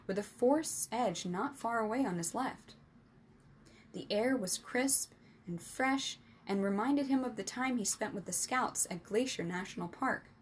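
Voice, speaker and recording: Lady reading an adventure story out loud, mid pitched voice, steady and expressive, faint noise behind. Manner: steady, expressive read-aloud narration. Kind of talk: reading a children's adventure novel aloud.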